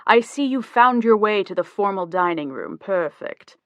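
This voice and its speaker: A woman's voice: fairly low pitch, moderate pace, fairly bright tone, no room sound, clean studio sound, close to an everyday voice. A woman reading the lines of a playful young husband in an audiobook, joking and teasing. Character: easygoing playful young husband, rock musician.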